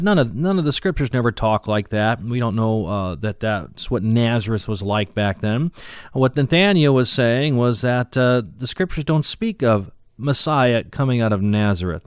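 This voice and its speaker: A man teaching the Bible verse by verse, reading old-fashioned scripture aloud and explaining it with many pauses and fillers. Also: medium pitch, smooth, no echo, studio quality. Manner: reads King James verses aloud, then explains them with frequent "uh" fillers.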